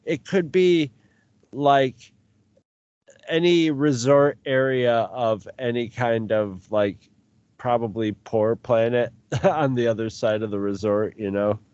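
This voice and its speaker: A man co-hosts a podcast, talking casually and circling through his thoughts with stops and restarts. His voice sits at an ordinary pitch. The sound is dull and a bit muffled, with no room echo at all. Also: fairly even intonation, a little mellow, clear, resonant tone. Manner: rambling, halting restarts. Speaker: podcast co-host. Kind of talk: casual chat.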